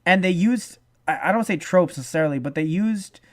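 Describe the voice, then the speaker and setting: A man co-hosting a casual review podcast. He talks in an animated way, swears, restarts his sentences and acts out the lines he quotes. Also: sits high, fairly quick. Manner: profane. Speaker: podcast co-host.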